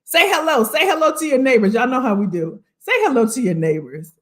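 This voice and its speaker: A woman career coach presenting on a livestream, chatty and animated, talking straight to her viewers as she sets up her slides. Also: on the high side, a little fast.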